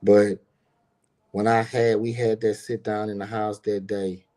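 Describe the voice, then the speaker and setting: In a fairly low, dark voice with little pitch movement, a middle-aged business owner talks a little slowly. He's casually recounting a personal story, rambling, slangy and full of swearing, aimed right at his viewers.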